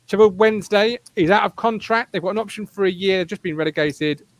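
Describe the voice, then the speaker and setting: A man hosting a casual fan podcast, animated and teasing his co-hosts as he leads the chat. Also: high-pitched, fast talker, no echo. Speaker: podcast host.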